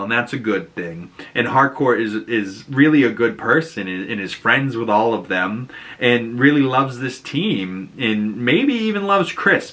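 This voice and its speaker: A man's voice: lowish voice, bright, forceful tone. A man with a Boston accent casually retelling and reviewing a TV episode, chatty and full of fillers, acting out quoted lines. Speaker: show reviewer.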